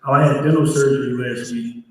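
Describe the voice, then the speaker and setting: A man's voice: mid-range voice, brisk, recorded from a distance. A man speaking casually to a live audience, introducing guests, his voice a little worn after losing it. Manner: relaxed, chatty, addresses crowd directly. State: slightly lost voice. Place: large hall at a community college. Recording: very echoey hall with crowd. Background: faint crowd.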